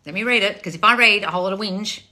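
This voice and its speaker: A woman's voice: medium pitch, racing, pushed and bright. A woman, a manifestation coach scolding her viewers bluntly with plenty of swearing. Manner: profane, blunt, exasperated tough-love scolding. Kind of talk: blunt livestream chat reading comments.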